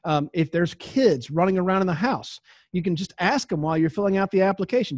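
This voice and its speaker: A man's voice: sits high, lively intonation, a little fast, dry recording. A Southern man in his forties, an insurance sales trainer, teaching in a conversational way and acting out talks with clients. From American South. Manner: conversational, acts out client dialogues.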